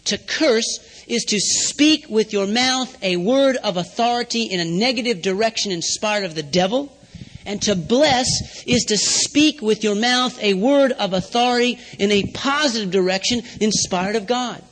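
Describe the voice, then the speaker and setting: A male preacher with a strikingly high voice delivers a sermon as a step-by-step lesson. He keeps turning to his listeners with questions to check that they follow. His voice rings out in a large hall with a long reverb tail. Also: unhurried, fairly bright tone. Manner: teaching step by step, asking the audience questions.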